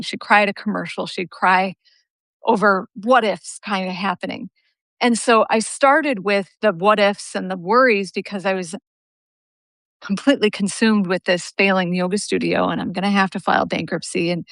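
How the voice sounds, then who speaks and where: A woman telling a personal story with animated energy, laughing easily, on a live video call. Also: medium pitch, creaky, dry recording. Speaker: guest yoga teacher.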